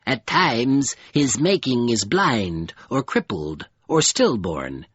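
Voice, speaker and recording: A man voicing a fearful, pleading creature of living mud in an audiobook, with a cold, dusky, halting voice. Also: mid-range voice, big pitch swings, breathy edge, no echo, lo-fi sound, exaggerated voice. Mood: mournful. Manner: halting, grave, faltering. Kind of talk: audiobook character voice.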